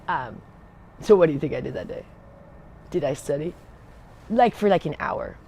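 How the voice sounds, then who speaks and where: On a livestream, an Air Force veteran tells casual stories from her service days, rambling, digressing, losing her thread and laughing often. Her low, warm voice has lively intonation at normal speed, and a little hiss or hum is audible.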